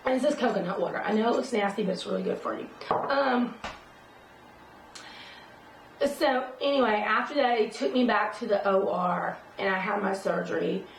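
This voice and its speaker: A woman's voice: mid-range voice, fairly quick, vocal fry, recorded from a distance. A woman telling a personal story in a casual vlog, rambling with many fillers and restarts. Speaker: vlogger. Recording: roomy sound from away from the mic, faint noise.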